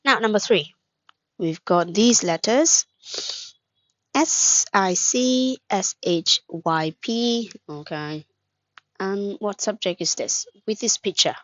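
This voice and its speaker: A woman's voice: medium pitch, animated, takes it slowly, fairly bright tone, no room sound, dull audio. A woman teaching an English lesson, patient, asking questions, praising and spelling words out, with a mother tongue. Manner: patient, asks questions then praises, glosses words in Vietnamese.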